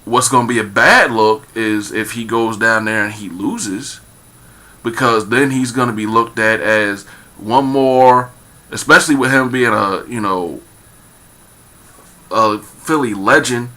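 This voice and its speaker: A man's voice: on the low side, a little slow, bright, forceful tone. A man giving a rambling casual commentary, full of fillers and repeated phrases, turning emphatic as he goes. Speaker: vlogger.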